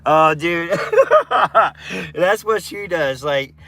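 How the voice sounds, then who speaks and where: Laid-back slow-talking streamer guy. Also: lowish voice, bright, forceful tone. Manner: laid-back, chatty, slang-heavy. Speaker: live streamer. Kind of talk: casual live-stream chat.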